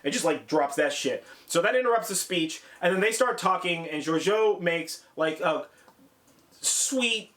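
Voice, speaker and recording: High-voiced man recapping an episode loosely. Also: lively intonation, fairly bright tone. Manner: loose, profane recap with quick mimicry of characters. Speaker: podcast co-host. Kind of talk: casual review chat.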